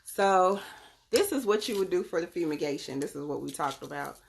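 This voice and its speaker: Brief: young woman, deep voice with fry, relaxed chatty live-stream host talking to viewers through her phone. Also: fairly quick, a little hiss or hum. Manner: chatty, talks straight to viewers by name. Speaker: live-stream host selling crystals and readings. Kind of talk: casual live-stream demonstration.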